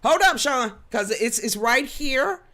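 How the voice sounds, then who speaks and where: A woman hosting a casual live stream into a studio microphone, chatting with viewers in a loud, blunt and joking way, laughing often and swearing freely. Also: sits high, lively intonation, takes it slowly. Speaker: livestream host. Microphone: studio microphone with a level meter.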